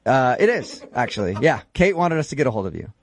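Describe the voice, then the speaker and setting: A man's voice: mid-range voice, sing-song, quick pace. A man hosting a morning radio show, chatting and laughing often as he recaps a dating story.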